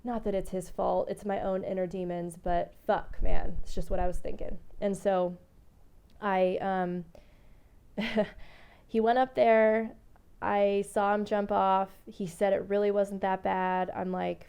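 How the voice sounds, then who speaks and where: A woman's voice: mid-range voice, flat delivery, measured pace, vocal fry, dark tone, smooth. A young woman hosting a podcast, telling a personal story in a candid, rambling way and swearing freely. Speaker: podcast host. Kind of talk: casual storytelling monologue.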